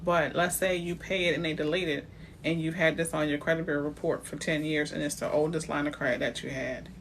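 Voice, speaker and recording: A woman's voice: sits low, steady tone, fairly quick, slight background noise. A woman realtor talking live to viewers about credit in a chatty, direct way, greeting them by name as she goes. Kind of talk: live-stream talk on building credit.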